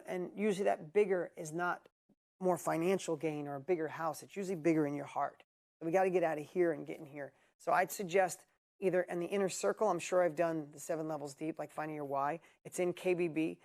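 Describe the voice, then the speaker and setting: A man's voice: fairly high pitch, creaky, darkish tone. A man coaching a live group, answering questions in a blunt, emphatic, motivational way. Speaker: business coach and host.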